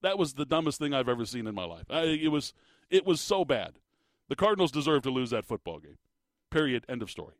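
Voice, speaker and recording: A man's voice: medium pitch, very animated, fairly quick, dry recording. A man hosting a sports talk show, ranting with exasperation and emphatic repetition about a football team's blunders. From Arizona. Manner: exasperated, emphatic, repeats words. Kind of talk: animated sports commentary rant.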